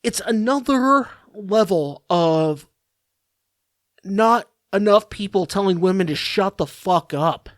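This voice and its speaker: A man's voice: sits high, lively intonation, dry recording, clean studio sound. Profane ranting male podcast host. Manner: profane and exasperated, halting restarts. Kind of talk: solo comedic rant.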